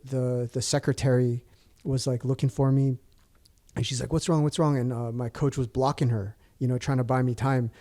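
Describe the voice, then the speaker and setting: Mellow-voiced man rambling through a story. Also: mid-range voice. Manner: rambling, many restarts and fillers. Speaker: podcast guest. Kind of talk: casual storytelling chat.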